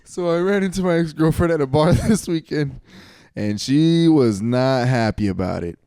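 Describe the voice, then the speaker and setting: Co-hosting a comedy podcast, a twenty-something man spins a rambling tale, correcting himself as he goes and turning animated when quoting his friends. He speaks at normal speed in a fairly high voice with a clean tone, and the studio-quality recording has no echo.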